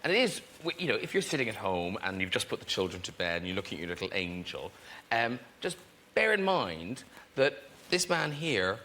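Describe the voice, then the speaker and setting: A man hosting a chat show, teasing his guests and quick to laugh. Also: on the low side, sing-song. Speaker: talk show host. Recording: studio with loud audience and noise.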